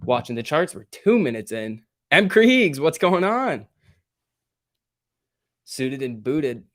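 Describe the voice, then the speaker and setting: A man's voice: medium pitch, big pitch swings, slow. Chatty young man hosting a livestream. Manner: chatty, reads out stock prices and viewer names. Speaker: livestream host. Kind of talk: casual live market commentary.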